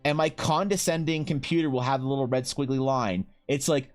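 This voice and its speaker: A man's voice: mid-range voice, a little fast, faint music behind. A young man, streaming and chatting casually with his viewers, rambling and swearing freely. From Canada. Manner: rambling, animated, swears freely, lots of fillers.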